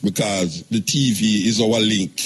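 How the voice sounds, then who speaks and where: Older Jamaican man, rambling patois radio talk, a touch husky, emphatic. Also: fairly low pitch.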